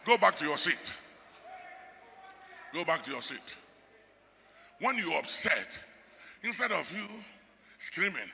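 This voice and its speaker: Male pastor, sermon, gravelly, lively pitch swings, shouts and hushed asides, long hall reverb. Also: normal speed, long pauses, a little hiss or hum. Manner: call-and-response preaching, shifting from shouts to near murmurs.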